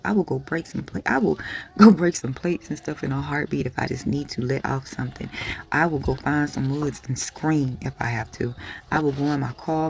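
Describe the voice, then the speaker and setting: A woman giving a candid, emotional motivational talk to her viewers, frank and plain-spoken with hushed asides and casual swearing. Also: extremely low pitch, creaky, a little hiss or hum. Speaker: spiritual vlogger.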